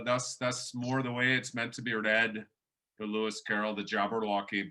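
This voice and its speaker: Man, professor, casual workshop talk, bright voice, lots of restarts. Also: mid-range voice. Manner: chatty, many restarts and fillers.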